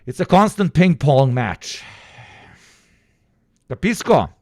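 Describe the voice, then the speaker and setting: A man's voice: a little high, big pitch swings, slow, darkish tone, no room sound. Profane ranting male streamer, dry sound. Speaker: streamer reacting to clips. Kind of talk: casual livestream commentary.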